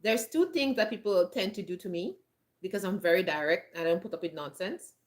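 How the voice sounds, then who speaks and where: A woman's voice: mid-range voice, lively intonation, brisk. A woman giving blunt, emphatic advice straight to camera on a countryside homestead, laughing often, with a frog in her throat. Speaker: homestead vlogger. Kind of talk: direct-to-camera advice talk.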